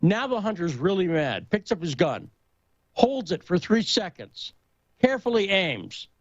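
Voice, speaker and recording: A man in casual talk-show conversation, telling a story and joke with lively emphasis. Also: high-pitched, unhurried, dry recording, highs cut off.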